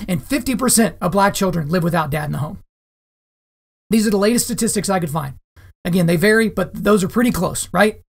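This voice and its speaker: A man's voice: high voice, fairly quick, creaky. A man hosting a solo podcast monologue, talking to his listeners in an emphatic way and repeating phrases for stress. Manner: direct, addresses listeners as guys. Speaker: podcast host.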